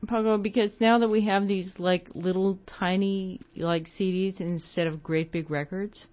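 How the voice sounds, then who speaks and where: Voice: mid-range voice, steady tone, unhurried, no room sound, muffled recording. A radio host from the United States presenting records on air, talking in a digressive way with many asides.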